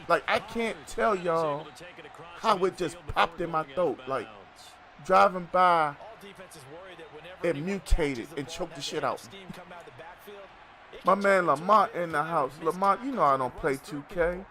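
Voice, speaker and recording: A man's voice: a little high, expressive, slow pace, long pauses, pushed and bright. A middle-aged man streaming a football video game, chatting loosely with viewers and joking between plays. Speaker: gaming streamer. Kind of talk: casual live-stream chat while playing.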